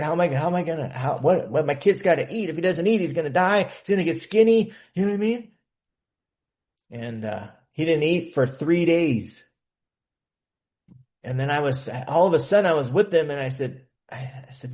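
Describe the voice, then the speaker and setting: A man's voice: a little high, darkish tone. Male recovery meeting speaker, earnest conversational storyteller, muffled lo-fi recording. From California. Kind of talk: personal testimony talk. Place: meeting hall.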